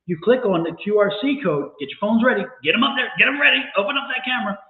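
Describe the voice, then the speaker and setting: Brief: upbeat, high-pitched man hosting a livestream, coaxing viewers step by step, echoey phone-like sound. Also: lively intonation, rapid-fire. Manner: upbeat, urging viewers with repeated instructions. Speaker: tarot reader co-host. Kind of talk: livestream chat.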